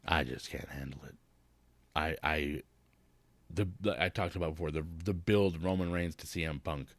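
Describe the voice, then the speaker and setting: A man's voice: a bass voice, normal speed, dry recording. A man giving a casual, blunt wrestling recap, talking in a rambling, profane rant. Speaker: wrestling vlogger.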